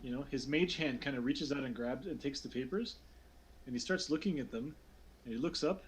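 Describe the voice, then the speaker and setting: A man's voice: mid-range voice, brisk, slight background noise. A man narrating as game master in a tabletop game, rambling and hesitant, with lots of fillers and restarts.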